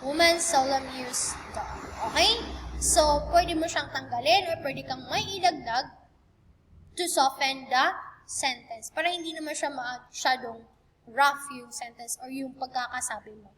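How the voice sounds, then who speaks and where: A woman's voice: high voice, normal speed, fairly bright tone, long reverb tail, slight background noise. A woman with a Filipino accent teaching a language lesson, explaining step by step and often checking in with "okay?". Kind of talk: lesson mixing English and Filipino.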